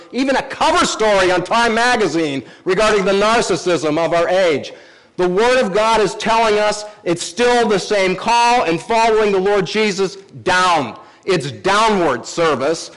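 A man's voice: on the high side, fairly bright tone, rough recording. A man, a pastor, preaching a sermon and teaching from scripture with emphatic repetition.

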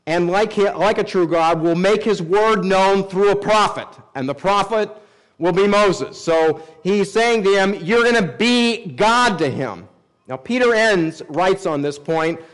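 A middle-aged male pastor teaching verse by verse in a measured, explanatory way, slowing down to quote scripture. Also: sits high, poor audio. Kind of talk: sermon, verse-by-verse Bible teaching.

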